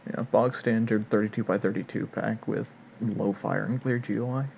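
A nineteen-year-old man chats over a game in a relaxed, halting way. His voice is low and full of fry, and the lo-fi mic muffles it. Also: slight background noise. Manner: laid-back, hesitant, laughs. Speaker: gameplay video co-player. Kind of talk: casual gameplay chat. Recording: dull lo-fi mic.

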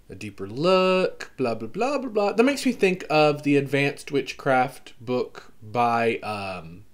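A man with a mild Southern accent, chatting casually on his vlog as he reads book blurbs aloud, exclaiming and coughing now and then from allergies. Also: a little high. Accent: Southern US, toned down. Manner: animated, exclaims, skims text with filler. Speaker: vlogger browsing a book catalog.

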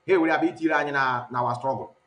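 A man's voice: mid-range voice, brisk, a bit bright, reverberant. A man hosting the show, mocking the clips he plays and switching between Igbo and English. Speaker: host. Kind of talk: commentary on played clips.

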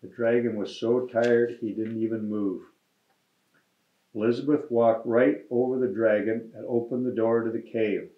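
A man's voice: medium pitch, little pitch movement, moderate pace. Man reading a children's story in an echoey room. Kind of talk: read-aloud storytelling. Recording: echoey room, dull lo-fi sound.

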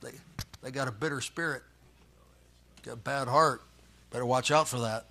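A man's voice: medium pitch, normal speed, vocal fry, long pauses, fairly bright tone. A man preaching a sermon as pastor, reading scripture and joking in a folksy way.

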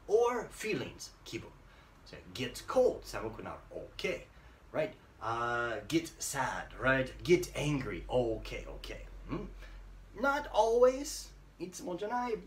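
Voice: medium pitch, fairly bright tone, reverberant, recorded from a distance, slight background noise. An English teacher giving a casual, playful lesson to Japanese learners, checking in with listeners often.

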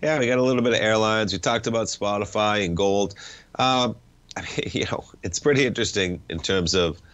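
A man's voice: lowish voice, fairly quick, fairly bright tone, highs cut off. A man hosting a financial talk show, chatting casually about markets with a stuffed-up nose and wry, rambling asides.

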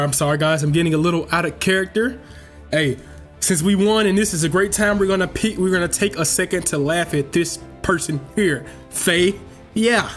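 Playing live on his gaming channel, a man jokes with viewers and trash-talks in playful slang. His voice is a bit bright and sits high, at a moderate pace, with faint music in the background.

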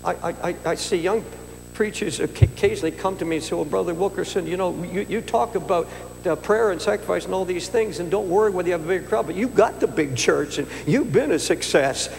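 An older male pastor preaching with earnest, personal storytelling, often stumbling over his words. His voice sits high and has a gravelly edge. It is recorded in a large hall with long reverb and a faint hum underneath. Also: quick pace, a little mellow. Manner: earnest, personal storytelling with repetitions and stammered restarts. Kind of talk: sermon.

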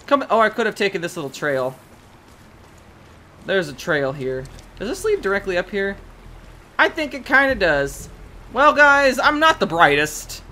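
A woman casually commenting as she plays a video game, chatty and excitable, shrieking at sudden scares and coaxing a pet in baby talk. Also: medium pitch, slight background noise. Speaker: gaming video host. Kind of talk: casual let's-play commentary.

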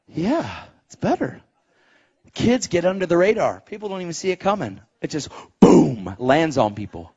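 Animated, husky-voiced man preaching. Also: on the high side, normal speed, muffled recording. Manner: animated, swings from hushed to shouting. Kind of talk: sermon storytelling.

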